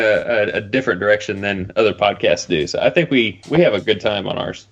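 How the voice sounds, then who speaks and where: A man's voice: lowish voice, fairly quick, a bit bright. A man hosting a podcast who speaks in an easygoing way, with hesitant fillers as he wraps up. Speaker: podcast host. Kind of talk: podcast host wrap-up. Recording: dull lo-fi podcast audio.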